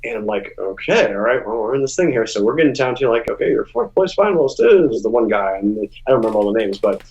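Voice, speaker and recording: Speaking fast on a lo-fi recording, this musician guest spins stories in a relaxed interview. He's animated and keeps restarting, and his pitch leaps up when he imitates other people's words.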